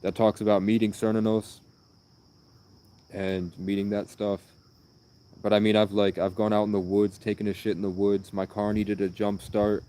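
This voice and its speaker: Low mellow guy rambling thru his stories on a livestream, kinda flat, crickets outside. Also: normal speed, a little hiss or hum. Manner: meandering, earnest, jumps between anecdotes. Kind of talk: rambling storytelling.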